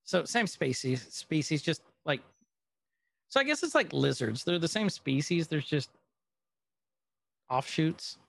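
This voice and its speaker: A man's voice: fairly high pitch, animated, unhurried, vocal fry, long pauses. A man co-hosting a podcast, recapping an episode in casual chat with rambling, filler-heavy storytelling. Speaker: podcast co-host.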